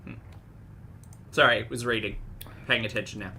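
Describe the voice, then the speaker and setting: A man's voice: mid-range voice, moderate pace, pushed and bright, slight background noise. A man with an Australian accent doing reaction commentary, reading passages aloud and adding dry, wry asides.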